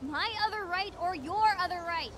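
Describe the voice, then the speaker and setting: A woman's voice: very high voice, moderate pace, a little hiss or hum. An actress voicing a playful, brash young teenage girl who teases and laughs easily, in a game scene. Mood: excited. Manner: teasing, laughing, excitable. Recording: game scene with music underneath.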